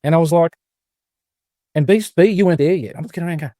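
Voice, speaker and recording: Fast-talking man, rambling podcast chat. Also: fairly high pitch, warm tone, dry recording, clean studio sound. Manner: rambling, many restarts and fillers. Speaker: podcast co-host.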